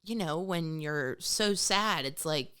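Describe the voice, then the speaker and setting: A woman's voice: deep voice, animated, takes it slowly, fairly bright tone, clean tone. A middle-aged woman co-hosting a podcast, talking casually and emotionally, often quoting others. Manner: emotional, tearful at moments, quotes people in voices. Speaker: podcast co-host. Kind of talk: casual chat.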